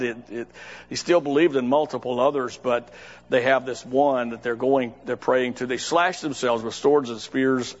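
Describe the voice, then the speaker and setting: Guy preaching a sermon, chatty with restarts, kinda muffled, long echo. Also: medium pitch. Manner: conversational, with restarts and dramatic quoted voices. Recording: dull sound with long reverb.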